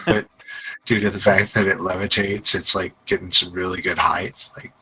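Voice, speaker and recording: A man's voice: sits low, level tone, normal speed, heavy background noise. A man narrating a tabletop game as game master, casual and chuckling often.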